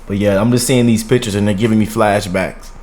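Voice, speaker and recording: A man's voice: lowish voice, fairly even intonation, brisk, darkish tone. A man in his thirties hosting a reaction video, rambling and heartfelt, calling viewers y'all and man. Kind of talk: casual reaction commentary.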